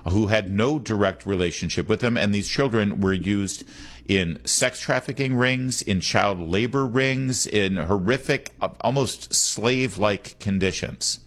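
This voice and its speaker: Deep-voiced male talk radio host. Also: unhurried. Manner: opinionated, conversational, repeats call-in number.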